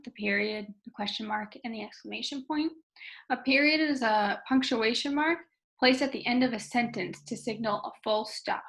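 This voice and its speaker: A woman's voice: fairly high pitch, fairly bright tone. A woman, a special education teacher, walking through a recorded punctuation lesson and modeling sentences in a sing-song voice for students.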